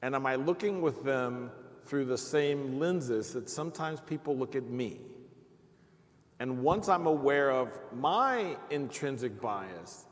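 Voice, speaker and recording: A man's voice: medium pitch, expressive, takes it slowly. A man on a live panel telling his own stories earnestly, acting out the things people said to him. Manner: earnest storytelling, acting out quoted speech. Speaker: panelist, perioperative leader. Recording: reverberant hall.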